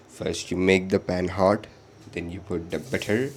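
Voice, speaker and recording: A young Bengali-speaking man with a deep, steady voice chats playfully as he cooks for his vlog, cracking jokes to himself between steps. He talks slowly and pauses often, amused by his own asides, against a noisy background.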